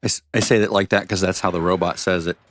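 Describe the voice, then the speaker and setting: A man gives casual, off-the-cuff commentary while he plays a video game. His voice sits a bit low, and he rambles and makes fun of his own slip-ups. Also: steady tone, fast talker, noisy background. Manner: rambling, self-deprecating. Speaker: streamer.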